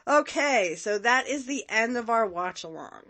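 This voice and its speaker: A woman's voice: a little high, lively intonation, unhurried, a bit bright. A woman in her thirties hosting a casual podcast, chatting with lots of fillers and frequent laughs. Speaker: podcast host. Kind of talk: casual commentary.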